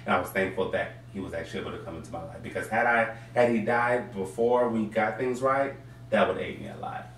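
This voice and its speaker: A man's voice: on the low side, a little fast, gravelly, fairly bright tone. A man who is a guest on a casual talk show, speaking earnestly and reflectively, turning playful when he teases the host. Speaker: guest, sweet potato pie baker. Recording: echoey room, distant mic, faint crowd and noise.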